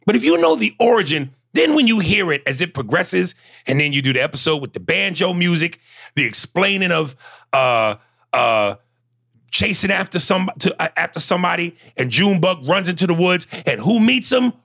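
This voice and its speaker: A man co-hosting a podcast, chatting casually with animated, profane storytelling and reading listener messages aloud. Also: high-pitched, moderate pace, creaky, husky, dry recording, clean studio sound. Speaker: podcast co-host. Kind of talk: casual chat.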